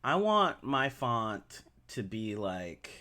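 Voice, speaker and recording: An expressive man co-hosts a casual podcast chat, his pitch lively and bouncing. He is playful and laughs readily while bantering. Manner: playful, animated, quick to laugh. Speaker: podcast co-host.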